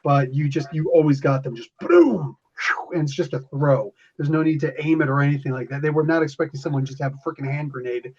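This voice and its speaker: Guy gm running a tabletop game, kinda high voice, rambly and loose, dull lo-fi sound. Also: steady tone, fast, few pauses, darkish tone. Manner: casual, rambling with restarts and chuckles. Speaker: game master. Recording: lo-fi podcast audio.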